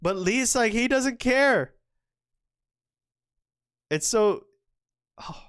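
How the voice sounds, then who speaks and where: A young woman commentating a board game with a fairly high voice that leaps all over the place. She gushes and exclaims, often breaking into the players' imagined thoughts. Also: lively intonation, extremely slow, smooth, no echo, clean studio sound.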